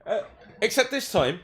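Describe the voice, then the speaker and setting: A man running a tabletop game as game master, joking around and laughing often. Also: very high-pitched.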